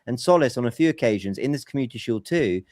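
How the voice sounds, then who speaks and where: A man's voice: medium pitch, lively intonation, quick pace, darkish tone, no room sound, studio quality. Man breaking down football tactics. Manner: analytical, explains tactics at length. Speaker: podcast host. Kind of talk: casual football podcast chat.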